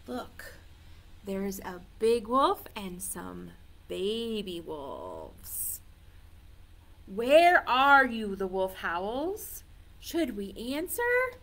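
A woman's voice: on the high side, fairly bright tone, a little hiss or hum. A woman reading a picture book aloud to toddlers as a children's librarian, playful and sing-song, coaxing the little ones to join in.

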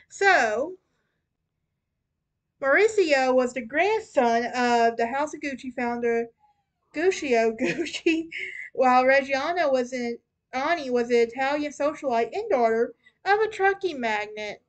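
A young woman hosting a casual true crime podcast, chatty and often stumbling and restarting over names. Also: high voice. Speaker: podcast host.

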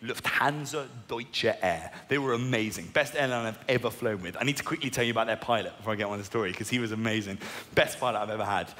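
A man with an English accent doing stand-up comedy, animated, sweary and mock-indignant. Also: lowish voice, fast talker. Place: live comedy venue. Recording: echoey hall, loud crowd noise.

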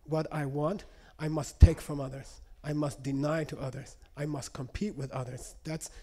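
Male speaker, slightly raised pitch, teaching a room casually. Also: steady tone, moderate pace, dark tone, slight background noise. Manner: conversational teaching, frequent "okay?" check-ins. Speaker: lecturer. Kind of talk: live lecture to an audience. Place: lecture room.

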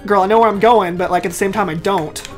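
A woman's voice: mid-range voice, fairly even intonation, fast talker, poor audio. A woman hosting a casual video game session, melodramatic and mock-furious, laughing through her rants. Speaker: host of a gaming series. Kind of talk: casual gaming commentary. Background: game music.

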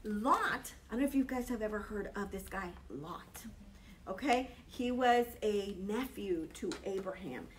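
A woman teaching a Bible study, telling a personal story, lively and emphatic, often checking in with "okay?". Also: medium pitch, a little slow, far from the mic, a little hiss or hum.

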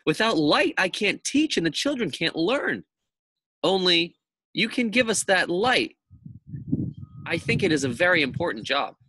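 A man's voice: high-pitched, sing-song, unhurried, long pauses, sharp tone, slightly rough, dry recording, voice pushed up, heavily acted. A man voicing a strict, exacting woman schoolteacher in a raised, emphatic voice. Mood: firm.

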